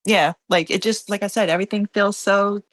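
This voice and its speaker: A woman's voice: medium pitch, fairly even intonation, fairly quick, dry recording, poor audio. A woman podcast guest opening up in a candid personal conversation, emotional and rambling with many fillers.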